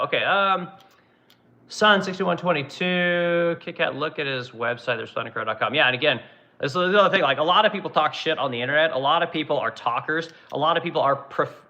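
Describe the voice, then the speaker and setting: A man's voice: mid-range voice, sharp tone, lo-fi sound. A man running a livestream as a furniture manufacturer, reading chat comments and ranting bluntly with plenty of profanity.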